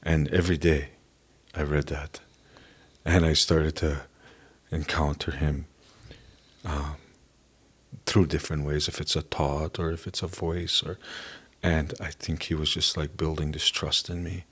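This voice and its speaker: A middle-aged man from Canada giving an earnest, halting personal testimony as a podcast guest. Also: extremely low pitch, little pitch movement, a bit bright, husky. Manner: earnest, halting, emotional at times.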